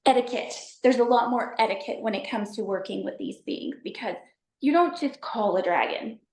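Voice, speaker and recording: A woman from Texas, a podcast guest telling stories in a chatty, animated way, full of fillers. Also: a little high, moderate pace, roomy sound. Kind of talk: casual storytelling chat.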